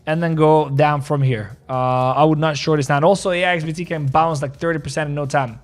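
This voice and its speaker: Excitable high-voiced male stream host. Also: a little fast, hardly any pauses, faint music behind. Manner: excitable, repeats himself, calls people bro. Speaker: crypto live-stream host. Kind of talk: casual live-stream trading chat.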